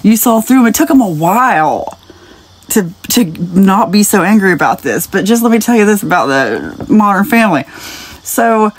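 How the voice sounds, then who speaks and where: A woman's voice: mid-range voice, lively intonation, moderate pace, slight background noise. Chatty woman giving a spiritual reading. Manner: chatty and rambling, with frequent light laughs; speaks directly to the viewer, wandering off into tangents. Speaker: spiritual message reader. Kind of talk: casual spiritual reading to camera.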